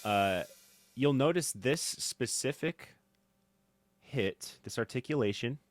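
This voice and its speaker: A man teaching drum mixing in a casual tutorial, thinking aloud with fillers and swinging in loudness. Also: medium pitch, animated, takes it slowly. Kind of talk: casual screen-recorded tutorial. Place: home studio. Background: faint music from drum playback.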